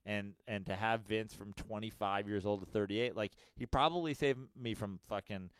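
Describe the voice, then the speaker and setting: Low-ish, clear, and resonant, this late-30s man's voice moves at a moderate pace on a dry recording. Co-hosting a podcast, he chats openly and loosely, wandering between topics and cursing often.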